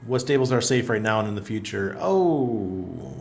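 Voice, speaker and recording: A man's voice: lowish voice, sing-song, normal speed, vocal fry, hardly any pauses. A middle-aged man hosting a casual livestream, reading viewer comments aloud in a loose, chatty way and laughing often. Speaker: livestream host. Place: apartment in Panama.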